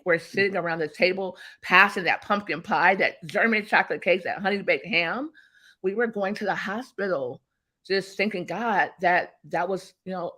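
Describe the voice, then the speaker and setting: A woman business coach, guesting in an interview, speaks emphatically and tells stories, acting out past conversations and quoted exchanges. Her voice is lowish with a sharp tone.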